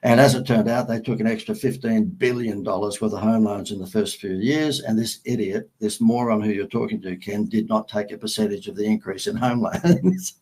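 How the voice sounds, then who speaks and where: A middle-aged man with an Australian accent spins anecdotes as an interview guest, acting out each exchange. His voice sits fairly low and has a husky, slightly breathy grain. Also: normal speed, hardly any pauses, rough recording. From Sydney, Australia. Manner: animated storyteller who acts out quoted dialogue and laughs at his own anecdotes. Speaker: guest, marketing agency founder. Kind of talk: storytelling in an interview.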